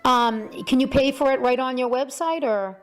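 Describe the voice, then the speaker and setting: A woman's voice: high-pitched, normal speed, faint music behind. A woman hosting an interview show, chatting casually with many fillers and restarts.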